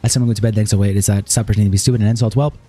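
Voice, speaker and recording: A man's voice: fairly low pitch, fairly even intonation, rapid-fire, dark tone, faint music behind. A man streaming, reading a written statement and its text messages aloud straight through, with sighs between passages.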